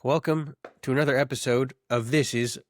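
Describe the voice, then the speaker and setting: A man's voice: mid-range voice, steady tone, brisk, loud music behind the voice. A man co-hosting a podcast in casual comedic chat, joking and laughing often. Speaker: podcast co-host.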